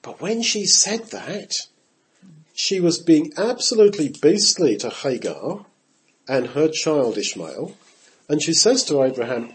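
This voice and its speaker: A man's voice: a little high, unhurried, low-quality recording. A man teaching the Bible in a conversational sermon. He talks straight to his listeners and acts out the quotes he reads. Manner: animated, acts out quotes with shifting voice, talks to his audience directly. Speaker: preacher.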